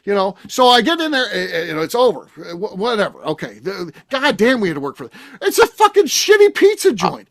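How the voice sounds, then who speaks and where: Brief: middle-aged male host, high-pitched, profane exasperated rant. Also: fairly bright tone. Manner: ranting, heavy swearing, exasperated. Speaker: podcast host. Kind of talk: casual profane chat.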